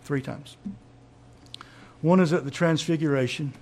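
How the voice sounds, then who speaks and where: A man's voice: on the high side, steady tone, measured pace, a little mellow. A man preaching a sermon, teaching in an emphatic way and asking rhetorical questions.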